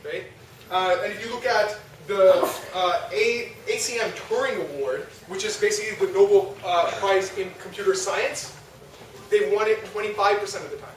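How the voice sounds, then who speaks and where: A young man with a high voice gives a talk to an audience. He keeps it chatty and ends sentences with "right?" He sounds far from the mic in a very echoey, noisy hall. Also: moderate pace. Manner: conversational, asks the audience, frequent rhetorical "right?". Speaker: lecturer. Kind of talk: religious youth talk.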